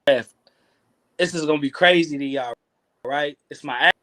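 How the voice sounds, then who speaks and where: A man's voice: fairly high pitch, measured pace, bright, forceful tone, dry recording. A man in his thirties with a Kentucky Southern accent, a rapper telling stories in a casual interview, laid-back and full of slang. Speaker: rapper guest.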